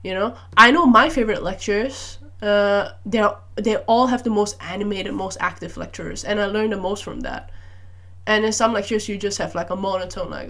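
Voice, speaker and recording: A young woman hosts a relaxed solo podcast and chats freely. She keeps a lively, animated flow and fills her sentences with casual "like"s. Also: mid-range voice, moderate pace. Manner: chatty, animated, frequent "like" fillers. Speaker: podcast host.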